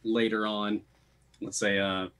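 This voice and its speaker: A man narrating as game master of a tabletop game, lively, laughing often and filling pauses with "uh". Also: fairly low pitch, clear, resonant tone.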